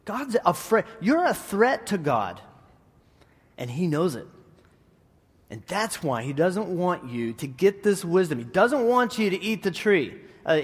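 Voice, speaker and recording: A man preaching in a conversational, animated style with frequent restarts and asides. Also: high-pitched. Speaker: preacher and middle school teacher. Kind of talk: sermon. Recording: long hall reverb.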